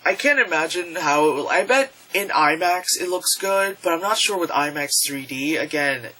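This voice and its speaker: Bright-voiced young man rambling casually. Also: fairly high pitch, animated, normal speed, rough recording. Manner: rambling, swears freely, many fillers. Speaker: vlogger reviewing movies. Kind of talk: casual movie review vlog. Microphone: camera mic.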